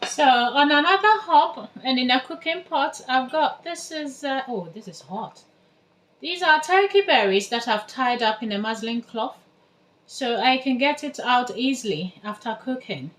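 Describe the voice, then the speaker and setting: A woman's voice: high-pitched, lively intonation, a little slow, a bit bright. A woman from Ghana giving a casual cooking demonstration in her home kitchen, chatting through each step as she works. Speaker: home cook.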